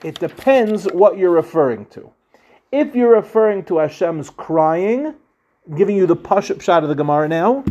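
High-voiced rabbi giving a Talmud class. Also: male voice, animated, mellow, lo-fi sound. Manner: translates and explains each phrase, slows down on Aramaic quotes; asks questions and answers them himself. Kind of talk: Talmud lecture.

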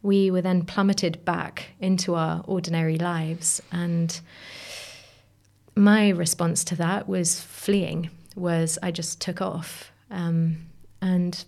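A woman with a low-pitched, gravelly voice that has a lot of fry. She talks in a thoughtful, searching way, circling her ideas and restarting phrases. At times she drops into a breathy near whisper. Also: little pitch movement, slow, a little mellow. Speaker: podcast guest. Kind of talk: reflective conversational chat.

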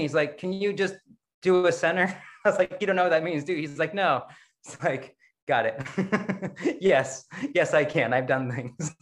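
A man with a fairly high voice gives a relaxed dharma talk as a Zen practice leader. He talks in a chatty, self-deprecating way and laughs often as he tells his story to an online group.

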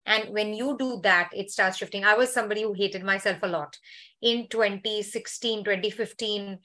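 A woman healer speaks on a video call, her voice sitting at an ordinary middle pitch. She moves between easy conversation and a soft, slow guided meditation, leaning on gentle repetition. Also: fairly even intonation. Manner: soft, slow, soothing when guiding. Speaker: healer hosting a summit call.

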